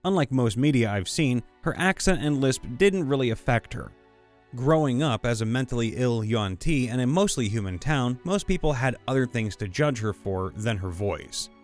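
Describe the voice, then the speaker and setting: A man narrating listener stories about tabletop games in a playful, expressive way. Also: medium pitch, normal speed, soft background music. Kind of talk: reading tabletop game anecdotes aloud.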